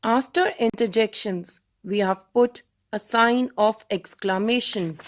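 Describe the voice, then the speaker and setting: A woman teacher with an Indian English accent, giving plain, measured explanations of grammar rules. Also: on the high side. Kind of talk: slow classroom explanation.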